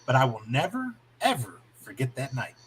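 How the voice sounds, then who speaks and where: A man's voice: medium pitch, very animated, normal speed, a little hiss or hum, rough recording. A man telling a dramatic army memory with heavy emphasis in casual chat. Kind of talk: casual storytelling.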